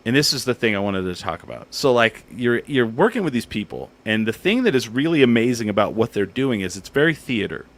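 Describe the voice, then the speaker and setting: A man hosting a casual comedy talk show, telling an animated story and acting out what people said. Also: mid-range voice, brisk, few pauses. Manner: animated storyteller, acts out quotes. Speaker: podcast host and comedian.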